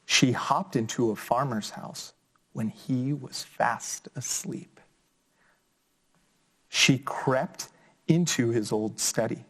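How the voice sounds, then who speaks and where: Guy teacher doing a slow expressive read-aloud for kids, squeaky jumps on the click sounds. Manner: expressive storybook reading with big pitch jumps on sound words. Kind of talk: children's read-aloud lesson.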